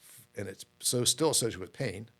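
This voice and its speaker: A man's voice: fairly low pitch, animated, brisk, bright, forceful tone. A middle-aged man, a podcast guest, telling his story in a candid, rambling way with many fillers and repeated words.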